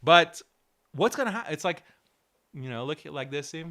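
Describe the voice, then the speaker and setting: A man's voice: a little high, expressive, moderate pace, long pauses, pushed and bright. A man hosting a show, reacting to clips with mocking commentary and frequent laughter. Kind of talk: casual commentary.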